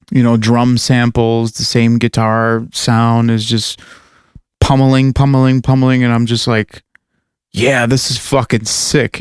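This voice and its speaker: A man's voice: medium pitch, clear, resonant tone, dry recording, clean studio sound. A man co-hosting a podcast, rambling casually with lots of fillers and swearing. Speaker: podcast co-host and metal musician. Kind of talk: casual chat.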